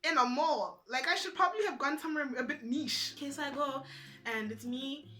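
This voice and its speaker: Young woman vlogger, bright and a bit high, animated storyteller who acts out the dialogue. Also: fairly quick. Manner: animated, acts out other people's lines in quotes. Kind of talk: casual storytelling to camera.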